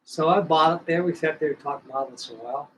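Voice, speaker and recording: A man's voice: fairly high pitch, fast, a little hiss or hum, rough recording. An older man in his sixties telling a long, rambling, folksy story while building a model kit, often repeating himself. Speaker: scale model builder hosting a live stream. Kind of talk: casual storytelling chat.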